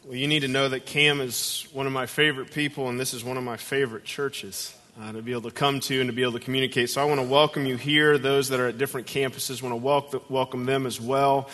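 Bright-voiced pastor in a reverberant hall. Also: male voice, mid-range voice, fast, few pauses. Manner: animated, acts out voices in stories. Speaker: guest pastor. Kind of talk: sermon with storytelling.

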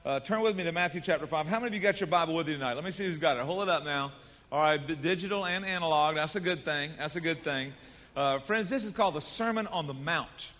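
Fast and fairly high-pitched with a slightly bright tone, a middle-aged preacher delivers an emphatic, folksy sermon and leads call-and-response, his voice trailing long reverb through a large church sanctuary.

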